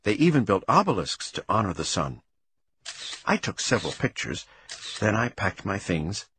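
A man giving an expressive, animated first-person reading of a children's storybook. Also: on the low side, moderate pace, breathy edge. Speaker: audiobook narrator.

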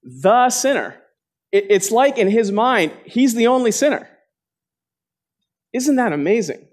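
A man's voice: lively intonation, measured pace. Earnest man preaching to a congregation. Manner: earnest, asks the listeners direct questions; dramatic quotes with sharp jumps in pitch. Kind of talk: sermon. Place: church gathering before a live congregation.

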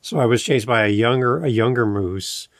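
Gravelly man hosting a podcast. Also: mid-range voice, no room sound, clean studio sound. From Canada. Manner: eager, quick to jump into his own stories. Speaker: podcast host. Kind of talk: casual chat.

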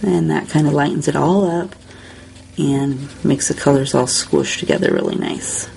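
A woman hosting a step-by-step coloring tutorial, talking in a relaxed, chatty way while she works. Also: sits low, moderate pace, creaky, a little hiss or hum. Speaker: crafting tutorial host.

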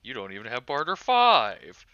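A man chatting and joking while playing a video game with a friend, lively and playful. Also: medium pitch, normal speed, no echo, muffled recording. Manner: animated, laughing, swears playfully. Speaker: let's play gamer. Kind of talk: casual gameplay chat.

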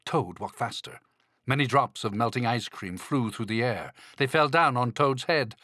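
A man narrating a children's storybook in a slow, expressive read-aloud manner. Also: medium pitch, dry recording, studio quality. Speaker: audiobook narrator.

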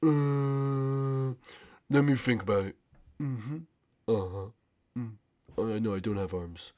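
A man voicing a blunt, offbeat female rag-doll princess in a flat, offhand way. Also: medium pitch, slow, voice pushed down, lightly acted.

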